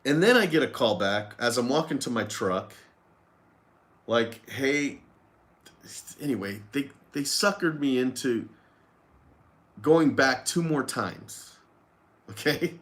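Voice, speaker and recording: A man telling a personal story straight to the camera in a loose, rambling way. His voice sits at an ordinary middle pitch. He is candid and now and then swears. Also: lively intonation, takes it slowly, long pauses, fairly bright tone. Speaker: lawn care business owner. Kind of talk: casual storytelling vlog.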